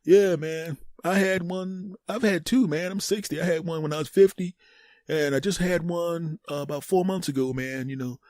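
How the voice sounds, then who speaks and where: A man's voice: a little high, normal speed, a little mellow, no room sound, studio quality, voice pushed up, natural voice. A man voicing a laid-back sixty-year-old friend who keeps saying man. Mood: reassuring. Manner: easygoing, says man a lot.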